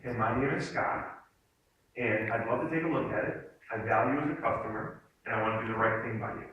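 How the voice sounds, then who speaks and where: A man voicing a calm, polite male store owner who speaks in a slow, even, soothing way, heard in an echoey hall from a distance. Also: fairly low pitch, lo-fi sound, a little hiss or hum, pitched below the performer's own voice, lightly acted.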